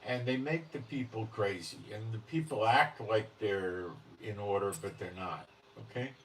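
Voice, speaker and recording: A man delivers an unscripted religious monologue in a blunt, insistent manner, often pausing to ask if you follow. He sits back from the mic, with a faint hiss of noise underneath. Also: fairly low pitch, a bit bright, recorded from a distance, poor audio. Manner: blunt and emphatic, often checks in with "okay?". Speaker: religious commentary host.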